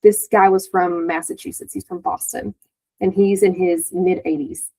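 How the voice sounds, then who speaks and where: A woman with a slightly husky voice, guesting on a podcast. She tells stories in a chatty, animated way, full of "like" fillers. Her pitch sits in a middle range. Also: normal speed, rough recording. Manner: animated storytelling, many "like" fillers, acts out quotes. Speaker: therapist, guest. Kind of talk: casual podcast conversation.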